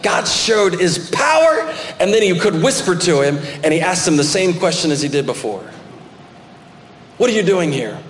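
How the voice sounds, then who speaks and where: A male pastor delivers a sermon from the front of a church, reading scripture and then pressing his points with sudden emphatic lifts. His voice sits slightly high for a man. The sanctuary rings with a long, roomy reverb over a faint hum of ambience. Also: sing-song, normal speed. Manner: preaching with rising emphatic bursts, reading scripture aloud.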